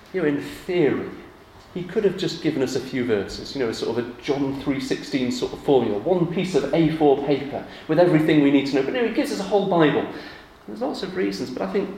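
A man in his forties preaching a sermon in a relaxed, conversational way, turning animated when he acts out everyday examples. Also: on the high side. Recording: echoey room with faint ambient noise.

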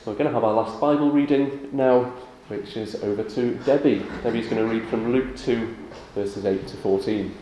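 Pastor in an echoey church. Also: male voice, mid-range voice, normal speed, hardly any pauses, noisy background. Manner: animated with children, rising and warm questions. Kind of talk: church service, prayer and children's talk. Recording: echoey church room with faint ambience.

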